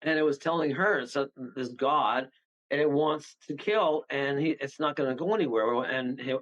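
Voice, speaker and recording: A man telling a story as a guest medium on a radio talk show, animated and rambling, acting out the voices of the people in it. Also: medium pitch, moderate pace, muffled recording, a little hiss or hum. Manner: animated, rambling, acts out voices, chuckles often.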